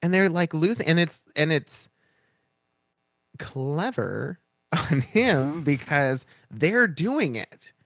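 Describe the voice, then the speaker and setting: A man's voice: a little high, slow, dry recording, studio quality. A man co-hosting a casual podcast chat, telling stories and acting out other people's lines as he goes. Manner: animated storyteller, acts out quoted voices. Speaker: podcast co-host.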